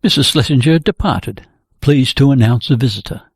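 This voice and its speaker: A man reading a novel aloud as narrator, in a measured, even storytelling manner. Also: medium pitch, creaky, breathy edge, dry recording, clean studio sound. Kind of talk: audiobook reading.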